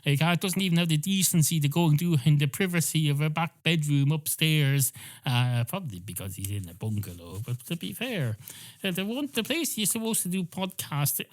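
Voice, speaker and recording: A man's voice: a little high, big pitch swings, a little fast. A man hosting a podcast, telling an improvised comic story with rambling, sweary asides. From Ireland. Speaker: podcast host.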